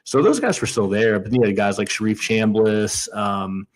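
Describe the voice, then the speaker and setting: A man's voice: on the low side, expressive, moderate pace, rough recording. A man in his thirties from Indiana, co-hosting a casual chat and telling a story with lots of restarts and quoted asides. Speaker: podcast co-host.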